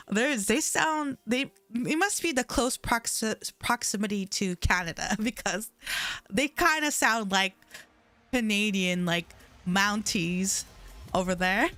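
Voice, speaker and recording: A woman's voice: fairly high pitch, lively intonation, measured pace, sharp tone, dry recording. A young woman livestreaming from home, chatting casually with her chat in a rambling way, full of "like" fillers, into a desk mic.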